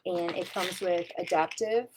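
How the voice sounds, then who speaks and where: A woman hosting a casual live stream, telling a story and then pitching wellness products in a chatty, animated way with casual swearing. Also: measured pace, background noise. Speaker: wellness advocate host.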